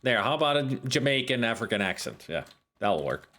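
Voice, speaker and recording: Brief: casual male game streamer, lively pitch, self-mocking asides. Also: a little fast. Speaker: streamer playing a video game. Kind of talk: casual game commentary and reading game text.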